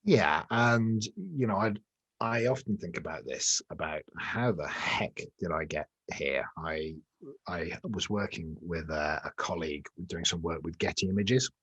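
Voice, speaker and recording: Man, middle-aged, very low voice, dry sound, jokey rambling guest. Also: unhurried, a bit bright, husky, dry recording, muffled recording. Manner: self-deprecating, jokey, rambling with restarts. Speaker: guest, executive coach. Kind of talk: conversational interview. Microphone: remote call.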